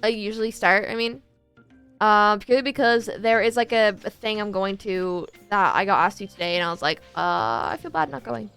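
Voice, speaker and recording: A woman's voice: mid-range voice, normal speed, vocal fry, a bit bright, smooth, faint music behind. A woman chatting casually with her viewers while she plays a farming game, rambling and talking to chat as she goes. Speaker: streamer.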